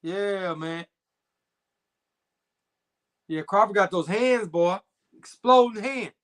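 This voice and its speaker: Speaking slowly in a high, slightly bright voice, a young adult man runs a live stream. He reads what viewers write and chats in easygoing slang, filling gaps with frequent fillers.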